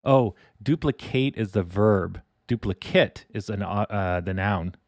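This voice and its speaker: Male livestream host, casual and profane, lowish voice, slow drawl. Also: fairly even intonation, gravelly, darkish tone, no room sound, studio quality. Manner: rambling, chuckling, swearing casually. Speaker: stock trading livestream host.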